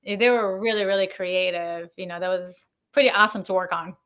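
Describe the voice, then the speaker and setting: A woman Foley artist telling stories as an interview guest, animated and laughing, acting out the voices of the people she quotes. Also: lowish voice, a little fast, clean tone. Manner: animated, acts out quoted dialogue, laughs often. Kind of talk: casual interview storytelling.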